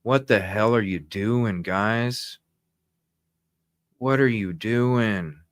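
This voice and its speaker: A man's voice: lowish voice, drawn-out words, dry recording, clean studio sound. A man hosting a live news stream, talking in agitated, indignant bursts that ramble with restarts.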